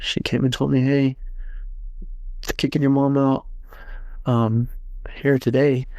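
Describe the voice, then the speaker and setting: Gravelly man telling his story. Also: mid-range voice, flat delivery, darkish tone, no echo. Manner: halting, many restarts and fillers, plain everyday speech. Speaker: podcast host. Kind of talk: personal testimony, casual storytelling.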